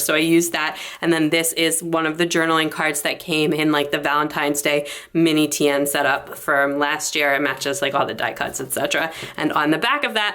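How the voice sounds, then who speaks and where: Young woman, planner vlogger, bubbly and rambling, slightly out of breath, lowish voice. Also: bright, forceful tone. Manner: bubbly, rambling, lots of fillers. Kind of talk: chatty planner flip-through.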